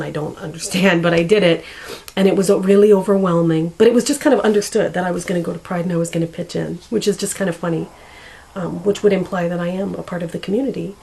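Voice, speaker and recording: A woman talks casually to camera. Her voice sits somewhat low and has a lot of gravelly fry. She rambles, fills pauses with ums and often searches for the right word. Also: darkish tone, a little hiss or hum, rough recording. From Canada. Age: 40s. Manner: rambling, searching for words, many fillers. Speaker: vlogger.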